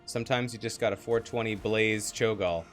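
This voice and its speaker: A man casting a live online game match, jokey and animated, laughing often. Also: lowish voice, normal speed, faint music behind. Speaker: esports caster.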